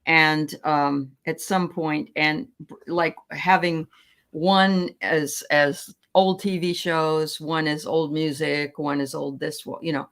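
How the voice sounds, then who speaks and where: An older woman hosts a relaxed livestream chat over a video call. Her voice sits a little low, and she rambles from one memory to the next, laughing easily as she goes. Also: slow pace.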